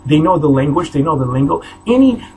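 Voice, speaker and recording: A halting, repetitive preacher man in his forties. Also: on the high side, steady tone, a little hiss or hum, rough recording. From New York State. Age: 40s. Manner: repetitive, halting, stammering restarts, preaching cadence. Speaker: self-styled preacher. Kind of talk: impassioned warning sermon to camera.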